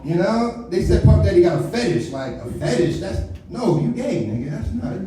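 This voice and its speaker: A man's voice: high-pitched, very animated, normal speed, noisy background. A man doing a live stand-up comedy set, talking loose and slangy with plenty of swearing and mock impressions. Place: comedy club stage. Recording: echoey venue picked up from a distance.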